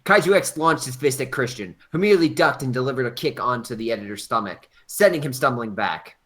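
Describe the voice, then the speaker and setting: Man, mid pitch, bright tone; casual stumbling narrator for a group script read. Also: expressive, fairly quick. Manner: casual, stumbling reading with laughs and restarts. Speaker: narrator and reader. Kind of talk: reading a fan script aloud.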